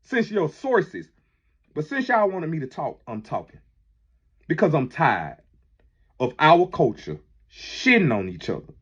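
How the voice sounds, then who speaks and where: A man giving a heated, profane monologue that keeps rising toward a shout. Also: fairly high pitch, sing-song, a little slow, pauses often, breathy edge, muffled recording. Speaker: manager addressing critics. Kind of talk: impassioned monologue.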